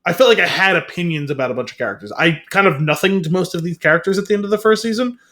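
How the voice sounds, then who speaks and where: A man's voice: sits high, lively intonation, racing, a bit bright. A man co-hosting a podcast in casual chat, rambling and hedging with lots of fillers. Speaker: podcast co-host.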